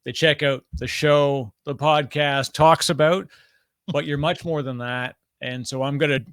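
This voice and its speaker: A man's voice: on the high side, steady tone, unhurried, fairly bright tone, clear, resonant tone. A Canadian man hosting a podcast, chatting enthusiastically and casually, poking fun at himself. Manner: enthusiastic, chatty, self-deprecating. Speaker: podcast host. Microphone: podcast microphone.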